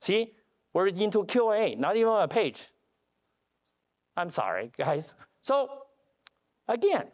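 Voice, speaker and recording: A man giving a joking conference keynote as a company CEO, telling animated stories with broken grammar and restarts. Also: high-pitched. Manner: animated storytelling with jokes; non-standard grammar, restarts. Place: conference hall. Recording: dull lo-fi conference audio.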